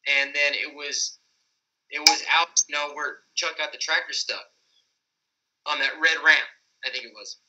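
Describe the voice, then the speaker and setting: A man's voice: fairly high pitch, steady tone, normal speed, pauses often, background noise. A man chatting on a podcast about motocross, joking, rambling and swearing a lot. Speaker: podcast guest, freestyle motocross rider. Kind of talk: casual profane banter.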